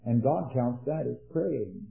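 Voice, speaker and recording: A man preaching an earnest sermon, rising to emphatic peaks and dropping into quiet anecdotes. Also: mid-range voice, expressive, takes it slowly, gravelly. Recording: echoey, tinny old sermon recording.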